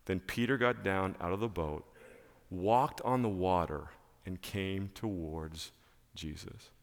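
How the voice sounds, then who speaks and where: A male pastor preaching a sermon in church, emphatic and animated, repeating key phrases. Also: deep voice, slow, creaky, big-room sound.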